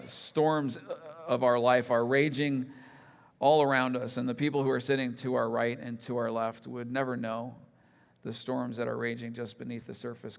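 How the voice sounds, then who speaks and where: A middle-aged man serving as pastor preaches in a church sanctuary, his creaky mid-range voice carrying funny personal stories told with self-deprecating humor. The tone is conversational, and the large hall adds a long reverb.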